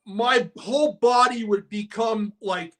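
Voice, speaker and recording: A man in his sixties hosting a podcast, chatting casually and excitably, saying "dude" a lot. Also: sits high, slow pace. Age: 60s. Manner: excitable, peppers speech with "dude". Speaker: podcast host. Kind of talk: casual chat.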